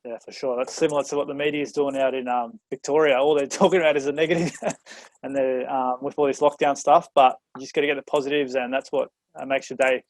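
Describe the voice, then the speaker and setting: A man hosting a podcast, talking in a relaxed, agreeable way. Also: mid-range voice, no room sound, rough recording. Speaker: podcast host. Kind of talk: casual podcast chat.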